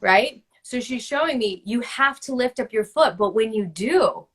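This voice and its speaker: Woman in her 30s, slightly high voice, fervent spiritual coach, emphatic and chatty, on a video call. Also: animated, moderate pace, slightly rough. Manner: passionate and emphatic, peppered with "like". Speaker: host, book-writing coach.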